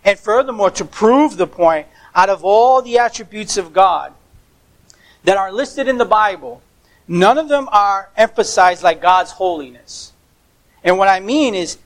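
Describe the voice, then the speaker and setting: A man's voice: sits high, measured pace, low-quality recording. A man preaching a sermon as pastor, emphatic, stressing words by repeating them, with occasional stumbles.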